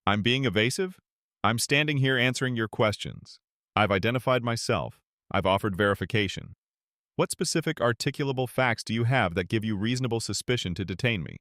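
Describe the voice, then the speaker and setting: A man voicing a calm, firm veteran male police sergeant who stands his ground in measured, assertive speech. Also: on the low side, no room sound, studio quality. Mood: firm, composed. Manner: composed, assertive.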